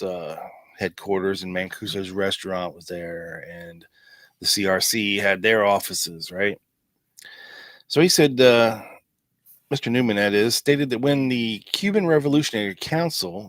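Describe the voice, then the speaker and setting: A man's voice: lowish voice, no echo. A man hosting a podcast, reading old documents aloud in a casual way and breaking in with wry asides. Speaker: podcast host.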